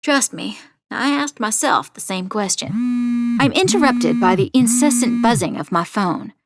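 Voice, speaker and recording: A determined true-crime podcaster. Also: female voice, on the high side, lively intonation, dry recording. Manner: measured, confiding storytelling. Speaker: narrator. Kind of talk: first-person audio drama narration.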